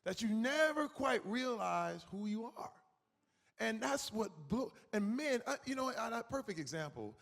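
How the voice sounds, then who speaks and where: Man in his forties, conference guest; raised pitch, gravelly edge, lively storyteller, hall echo. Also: unhurried. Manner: animated, acts out quoted voices, emphatic. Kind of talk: on-stage conversation. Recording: reverberant hall.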